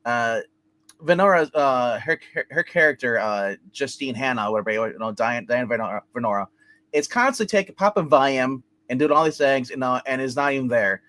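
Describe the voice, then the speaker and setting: A man's voice: mid-range voice, lively intonation, a little fast, fairly bright tone. Rambling man retelling a movie. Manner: rambling, filler-heavy retelling, acting out characters' lines. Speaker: movie reviewer. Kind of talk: casual podcast movie review.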